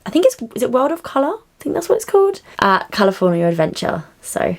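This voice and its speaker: A young woman who works as cabin crew, chatting excitedly to camera in a casual vlog. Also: a little high, brisk, few pauses. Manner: bubbly and chatty, often squealing with excitement.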